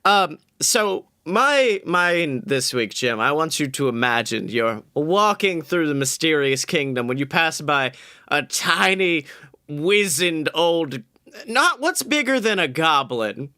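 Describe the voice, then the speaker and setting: Bright-voiced man cracking blunt jokes. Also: on the high side, very animated, slow pace, smooth, no room sound, studio quality. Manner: blunt, swears casually, self-mocking. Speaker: podcast co-host. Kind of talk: casual chat.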